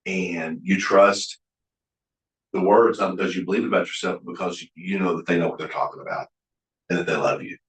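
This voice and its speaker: A middle-aged guest speaker from Oklahoma addresses a Bible college in a deep, low voice that echoes around the room, giving a sermon-style leadership lecture woven with stories. His delivery is brisk and steady, with a slightly bright tone. Folksy and sincere, he trips into restarts while acting out old dialogue.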